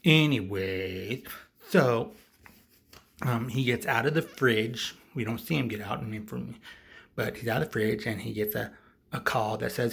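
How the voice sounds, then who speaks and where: A man's voice: mid-range voice, unhurried, creaky, fairly bright tone, slightly rough. A man giving a casual, rambling and sarcastic movie recap, packed with fillers. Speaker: movie reviewer.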